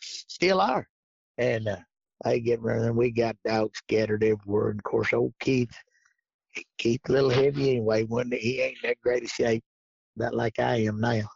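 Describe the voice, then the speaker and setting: A man's voice: mid-range voice, moderate pace, creaky, darkish tone, slightly rough, no room sound. A man telling a rambling, folksy hunting story and acting out what each person said, on a dull lo-fi recording. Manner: folksy, rambling, acts out quoted dialogue. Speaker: guest telling hunting stories. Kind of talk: casual storytelling. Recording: dull lo-fi sound.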